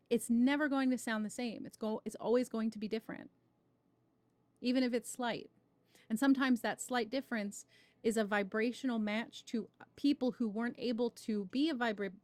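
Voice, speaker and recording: On a spiritual livestream, a woman with a fairly high-pitched voice talks casually about creativity, greets viewers warmly by name, and keeps adding "right?" before starting a tarot reading. There's no room sound in the recording.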